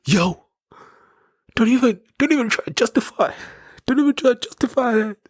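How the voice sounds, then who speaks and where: A man mimicking a squeaky scornful big-city dude. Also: animated, normal speed, no echo, studio quality. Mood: mocking scorn. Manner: high-pitched, scornful, repeating himself. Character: big flashy male taxi-rank man, scornful.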